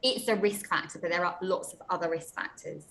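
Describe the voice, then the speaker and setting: A woman doctor explaining sleep problems in a clear, reassuring way, with some small restarts. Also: fairly low pitch, brisk, a bit bright, slight background noise, rough recording. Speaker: menopause doctor. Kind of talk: explaining to a panel.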